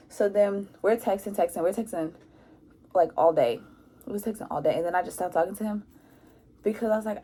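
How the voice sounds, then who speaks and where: A young woman telling a casual storytime about her school days, animated and acting out what people said. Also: medium pitch, a little fast, slightly rough. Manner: animated, acts out quotes with lots of "like". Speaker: vlogger.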